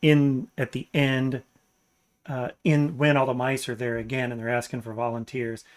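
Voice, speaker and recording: A man hosting a podcast, relaxed and casual, laughing often and trailing off mid-thought. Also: mid-range voice, moderate pace. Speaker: podcast host. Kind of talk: casual chat.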